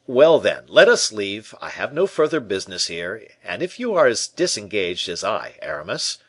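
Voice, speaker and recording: A man's voice: lowish voice, big pitch swings, normal speed, fairly bright tone, breathy edge, no room sound, exaggerated voice. A man voicing a curious, jovial male musketeer in a storybook reading, teasing and probing his friend. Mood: eager.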